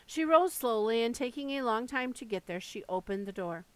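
A woman's voice: a little high, lively intonation, moderate pace, no room sound, low-quality recording. Woman narrating a memoir, dry sound. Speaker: audiobook reader. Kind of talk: first-person memoir narration read aloud.

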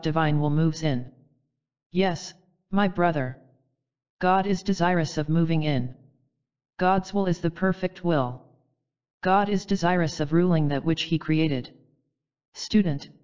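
A reader giving a measured, formal reading of channeled spiritual teachings, addressing the listener as dear one. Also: mid-range voice, a little mellow, clean tone, lo-fi sound. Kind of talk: solemn reading of a spiritual text.

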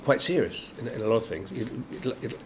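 Here an older man, an actor from Yorkshire, England, is a guest in an interview held in a noisy convention room. He speaks briskly in a mid-range voice with a Yorkshire English accent, telling lively anecdotes, acting out quotes, and laughing often.

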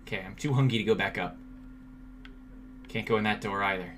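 A man's voice: lowish voice, a little fast, a bit bright, slight background noise. A man streaming a video game, joking and reacting with sudden jumpy outbursts while talking to chat. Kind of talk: let's play commentary.

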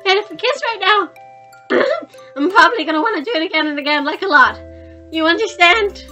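A woman's voice: extremely high pitch, sharp tone, soft background music. A woman reading the lines of a young woman's devoted best friend, earnest and tender, in a visual novel. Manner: earnest, tender, halting confession. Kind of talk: visual novel read-aloud.

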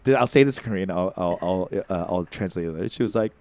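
A man in his thirties telling comic stories on a podcast, campy and animated, jumping into high put-on voices. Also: fast talker. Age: 30s. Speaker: co-host. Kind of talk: casual comedic storytelling.

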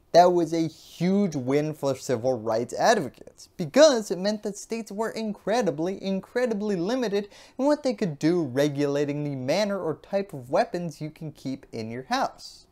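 A woman's voice: lowish voice, warm tone. A woman hosting a scripted explainer, delivering it with sarcastic, wry asides. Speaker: host.

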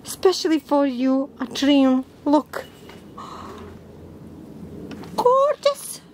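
High-voiced woman gasping over an unboxing. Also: a little hiss or hum. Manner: gasping and exclaiming, halting non-native English. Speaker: plant vlogger. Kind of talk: unboxing vlog.

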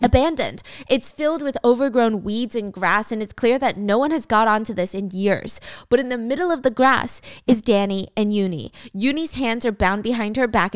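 A young woman narrates a dramatic story with casual, wry asides. Her voice sits a bit high and sounds smooth and clear. It is recorded close and dry. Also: no echo. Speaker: storytime podcast host.

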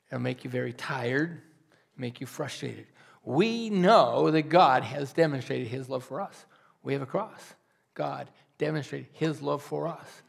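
A man preaching a sermon as a pastor, earnest and pleading, swinging between loud rises and soft, almost whispered drops. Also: medium pitch, expressive, measured pace, vocal fry, breathy edge.

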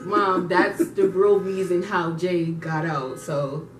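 A woman's voice: fairly low pitch, slow pace. Laughing woman in her twenties, echoey room. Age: 20s. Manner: laughing storyteller, animated quoting. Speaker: vlogger co-host. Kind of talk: casual chat. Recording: echoey room, distant mic, faint hiss.

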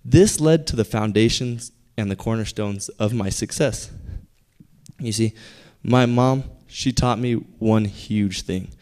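A young man telling a personal story on stage at a live storytelling event, conversational and building to punchlines with pauses. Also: on the low side, darkish tone. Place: theater stage.

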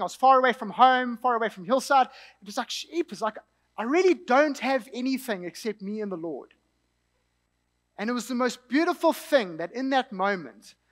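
Young South African male preacher, light high tone, relaxed anecdotal delivery. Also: long reverb tail. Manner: conversational storytelling with asides and light laughter. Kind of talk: sermon.

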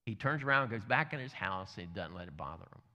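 A male pastor telling a story during a sermon, animated, with lively asides. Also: lowish voice, fast talker. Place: church sanctuary. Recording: church hall reverb.

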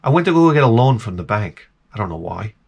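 A man's voice: on the low side, very animated, quick pace, gravelly, breathy edge. A man vlogging in a casual, rambling monologue, telling wry stories full of "like"s and restarts. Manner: meandering, wry storytelling with many "like"s.

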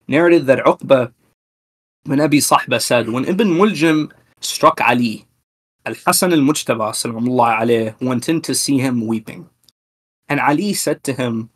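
Brief: male lecturer, mid-pitched, reverent and measured, reads narrations aloud, stumbles now and then. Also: fairly bright tone. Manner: measured, reverent, with small restarts. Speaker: religious history lecturer. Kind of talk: scripted historical lecture reading narrations.

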